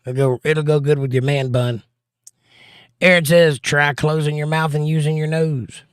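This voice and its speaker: A man's voice: fairly high pitch, flat delivery, moderate pace, clean tone, dry recording, clean studio sound. A middle-aged man hosting a live stream, reading viewer comments aloud with wry, teasing banter. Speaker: livestream host reading chat. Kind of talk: casual live-stream chat.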